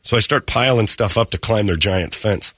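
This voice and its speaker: Man, 50s, morning radio host, animated storytelling, bright tone, dry close mic. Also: fairly low pitch, moderate pace, breathy edge, dry recording. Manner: animated, profane, acts out the voices in his stories. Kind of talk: casual on-air storytelling. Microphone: studio mic.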